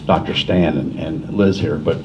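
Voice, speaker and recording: His bass voice holds a steady tone at normal speed as this older New Jersey author, speaking at a library forum, rambles casually through self-deprecating tales. Recorded in a library meeting room, the audio sounds muffled and remote with slight hiss.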